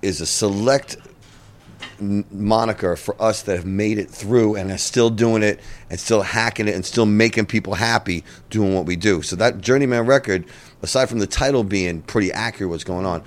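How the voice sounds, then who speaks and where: A man's voice: fairly low pitch, moderate pace. A man hosting a casual chat, laid-back and encouraging, swearing freely. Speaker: host.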